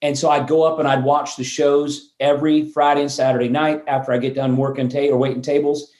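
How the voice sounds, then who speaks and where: Man in his fifties, guest storyteller, voice on the high side, animated with restarts, echoey room. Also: brisk. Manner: animated storyteller who restarts words mid-sentence. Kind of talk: storytelling interview chat. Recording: roomy echo.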